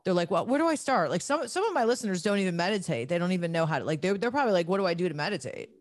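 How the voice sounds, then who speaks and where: A woman's voice: on the low side, expressive, rapid-fire. A young woman hosting a podcast, chatting candidly and laughing easily with her guest. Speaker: podcast host. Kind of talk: casual podcast interview.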